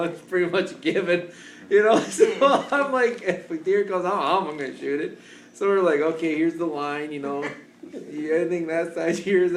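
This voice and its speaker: A man telling a funny hunting story in casual chat, laughing a lot and breaking into loud shouts as he acts out the scene. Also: high voice, echoey room, a little hiss or hum. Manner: laughs constantly, voices get loud and shouty at the climax.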